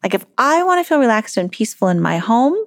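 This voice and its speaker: A woman's voice: fairly high pitch, sing-song, fast talker, dry recording, studio quality. A woman parenting coach talking in a conversational solo podcast monologue, often laughing and acting out a parent's inner thoughts.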